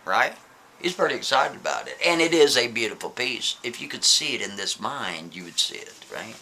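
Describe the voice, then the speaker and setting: Animated, casual male storyteller. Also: medium pitch, normal speed, creaky. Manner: casual, keeps asking "right?". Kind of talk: spooky story narration.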